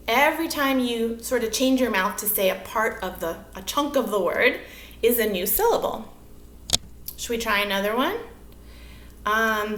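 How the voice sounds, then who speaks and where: A woman with an American accent teaching a children's online lesson, speaking in a bright, sing-song teacher voice and slowing down to read poems aloud. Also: on the high side, echoey room. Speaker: movement artist teaching children.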